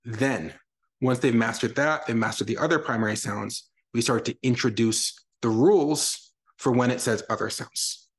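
An energetic young man teaching reading in a virtual session for parents. He explains letter sounds and acts them out plainly, at an ordinary mid pitch. His delivery is upbeat and hands-on, like a teacher working through examples. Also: moderate pace. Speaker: reading educator. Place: lives in Texas.

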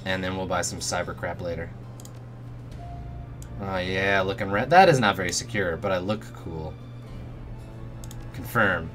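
A man's voice: low-pitched, unhurried, long pauses, fairly bright tone, faint music behind. A man streaming a role-playing game, casually commenting in a jokey way, swearing and often muttering under his breath. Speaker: let's play streamer.

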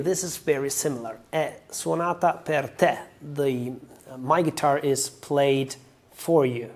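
A man's voice: medium pitch, fairly even intonation, a little slow, a little mellow. A man with an Italian accent, a native Italian speaker, explaining song lyrics to learners carefully and step by step. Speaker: language teacher.

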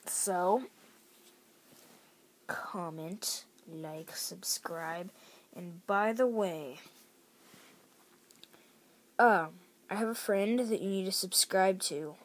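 A woman's voice: medium pitch, takes it slowly, pauses often. A teenage girl rambling chattily in a casual home vlog from a bedroom. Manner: rambling, chatty, lots of fillers and restarts. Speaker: vlogger.

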